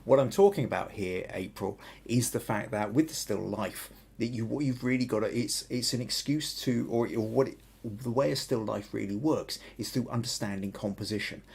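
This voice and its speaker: A man's voice: lowish voice, moderate pace, gravelly, darkish tone, slightly rough. A man with a Southern English accent hosting a live photography podcast, explaining ideas thoughtfully and often restarting his sentences. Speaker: podcast host.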